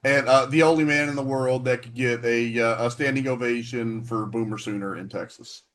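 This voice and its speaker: A man's voice: medium pitch, fairly even intonation, moderate pace, a bit bright, a little hiss or hum. A man co-hosting a podcast, chatting casually with jokes and profanity. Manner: jokey, laughing, profane. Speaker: podcast co-host. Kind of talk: casual chat about wrestling.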